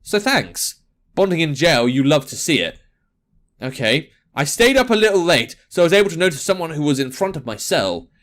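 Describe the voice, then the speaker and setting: A man's voice: on the high side, sing-song, moderate pace, a bit bright. A young man reading a visual novel aloud and adding jokey, sarcastic asides. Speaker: gaming video host.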